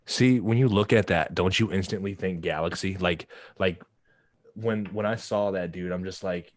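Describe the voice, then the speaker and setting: Laid-back low-voiced man on a livestream. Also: steady tone, normal speed, dry recording. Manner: laid-back, rambling with repeated words. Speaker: livestream co-host and wood craftsman. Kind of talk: casual stoner chat.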